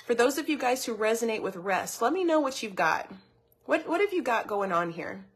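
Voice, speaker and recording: A woman with a fairly high, husky voice gives a motivational teaching talk as a wellness coach. She speaks in an earnest, personal way and often repeats words while she gathers her thoughts. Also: sing-song, a little fast.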